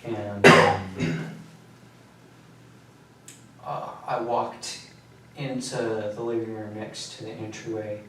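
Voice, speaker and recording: A man in a police interrogation room, recounting events flatly and matter-of-factly, his voice often trailing off low. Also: slow, long pauses. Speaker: suspect confessing. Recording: echoey room, mic far off, faint noise.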